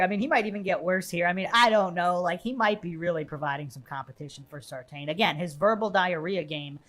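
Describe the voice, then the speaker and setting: A woman hosting a podcast, laughing often and mocking as she talks through a debate clip and reads chat comments aloud. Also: on the low side. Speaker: podcast host. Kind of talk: casual live-stream commentary.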